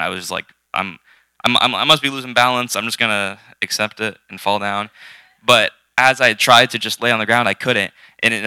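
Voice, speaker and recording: A man's voice: lowish voice, pushed and bright, clean tone, no room sound. A young man earnestly recounting a personal faith experience in a rambling, casual way, with frequent restarts. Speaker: youth group member.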